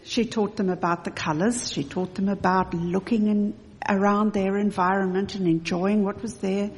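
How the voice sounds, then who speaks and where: Kiwi woman reflecting after a story, mid pitch, hall echo. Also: steady tone, moderate pace. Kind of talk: reflective commentary after a reading. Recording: echoey hall reverb.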